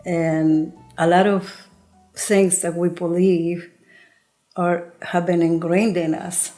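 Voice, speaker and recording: A woman's voice: lowish voice, flat delivery, slow pace, dark tone, soft background music. Earnest woman from Colombia telling her story. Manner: earnest, reflective, retells conversations in quotes. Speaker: storyteller guest. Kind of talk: personal storytelling.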